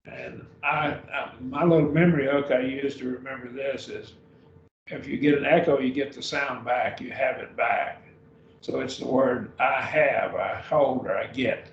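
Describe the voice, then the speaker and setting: Slow, patient man teaching a class. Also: medium pitch, fairly even intonation, gravelly, a little hiss or hum. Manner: slow, patient, repeats each word form. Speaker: Greek teacher. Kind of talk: classroom grammar lesson. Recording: lo-fi roomy recording from a distance.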